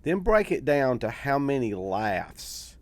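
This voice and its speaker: A man's voice: medium pitch, big pitch swings, takes it slowly, dry recording. A man hosting a casual interview who teaches comedy, reflecting on his craft and explaining ideas step by step.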